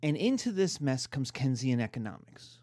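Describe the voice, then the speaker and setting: A middle-aged man giving a lively, emphatic history lecture. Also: medium pitch, brisk, no room sound. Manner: animated, emphatic, mimics voices in quotes.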